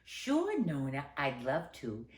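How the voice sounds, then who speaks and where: A woman's voice: very deep voice, wildly swooping pitch, slow, heavily acted. A woman voicing an eager, obedient little boy who answers politely, in a roomy space. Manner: eager, agreeable. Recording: roomy echo.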